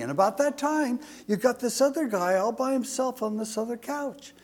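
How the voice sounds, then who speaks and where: A man's voice: sits high, expressive, normal speed, hardly any pauses, darkish tone. An older man in his sixties preaching a folksy sermon, chatty and rambling, with jokes and asides.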